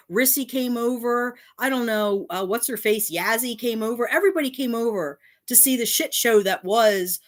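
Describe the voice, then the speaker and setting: A woman hosting her own channel, indignantly ranting in response to critics, reading out comments and swearing. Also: mid-range voice. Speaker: channel host. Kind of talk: angry response rant.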